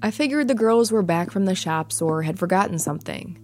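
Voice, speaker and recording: A woman giving a measured, suspenseful first-person narration of a ghost story. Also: on the low side, lively intonation, a little mellow. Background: faint music.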